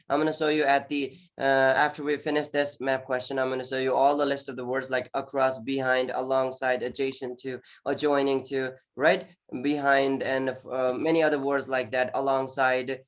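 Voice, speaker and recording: A man's voice: medium pitch, fairly bright tone. Male teacher, online class. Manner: encouraging, repeats words, many "okay" fillers. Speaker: IELTS teacher.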